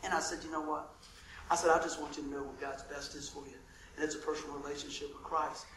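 A male pastor telling a lively story in a sermon, acting out the dialogue and laughing often. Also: fairly high pitch, quick pace, roomy sound, slight background noise, rough recording.

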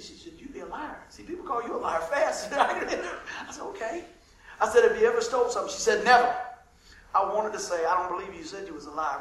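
A male pastor telling a lively story in a sermon, acting out the dialogue and laughing often. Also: high voice, echoey room, a little hiss or hum, rough recording.

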